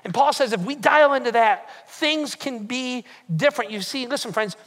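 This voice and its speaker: A man's voice: very high-pitched, normal speed, a bit bright. A man preaching a sermon as pastor, emphatic and repetitive, pushing his points again and again with rising and falling force. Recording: long hall reverb.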